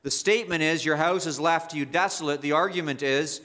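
A man's voice: a little high, fairly quick, hardly any pauses, bright, forceful tone. A male pastor preaching an expository sermon, emphatic and repetitive, rising sharply to stress key points.

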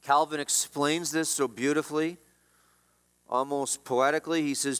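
Man preaching, fairly high voice, emphatic, swings loud and soft, long hall reverb. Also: fairly even intonation, normal speed. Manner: emphatic preaching, rising and dropping in pitch and volume. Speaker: pastor. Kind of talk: sermon.

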